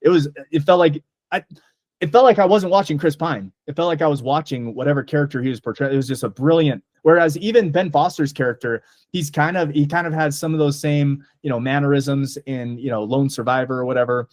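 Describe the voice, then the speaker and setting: A man's voice: fairly high pitch, a little fast, a little mellow, dry recording, studio quality. A man co-hosting a casual movie podcast, talking enthusiastically and rambling with lots of fillers. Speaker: podcast co-host. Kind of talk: casual movie review chat.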